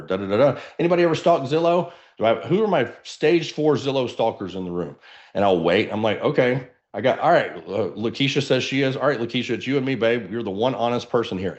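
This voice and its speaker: Brief: Texan man, low baritone, high-energy webinar coach, dull lo-fi sound. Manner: energetic, animated, casual. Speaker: real estate coach. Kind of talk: webinar teaching. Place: standing, moving around while speaking.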